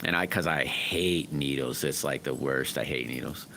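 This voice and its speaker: A man's voice: a bass voice, moderate pace, vocal fry, sharp tone, slight background noise. A man hosting a livestream, rambling through folksy stories and chatting casually with viewers. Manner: rambling folksy storytelling, laughs often. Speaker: livestream host.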